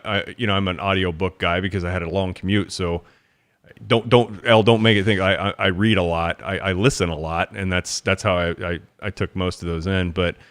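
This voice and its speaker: A man with a very low, deep voice talks casually as a podcast co-host. He gets animated and trips over his words, repeating himself as he works through his thoughts. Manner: animated, self-correcting, stammers on repeats. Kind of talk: casual chat.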